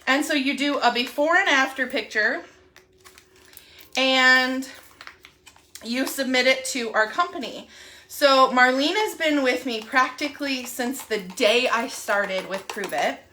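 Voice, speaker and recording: A bright, high-pitched young woman talks in a casual live video chat. She gushes and rambles, with plenty of fillers between her thoughts. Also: a little slow, slight background noise. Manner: excitable, gushing, rambling with fillers. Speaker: wellness app promoter.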